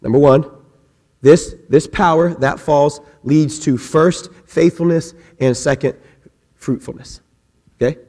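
Male pastor, high voice, lively joking sermon, church hall echo. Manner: animated, joking asides, many quick restarts. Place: church sanctuary. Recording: long hall reverb.

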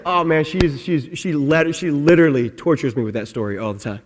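A middle-aged man preaching a sermon, telling a comic story with shouted quotes, then dropping soft and low for the message. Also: expressive, fairly quick, few pauses. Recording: long hall reverb.

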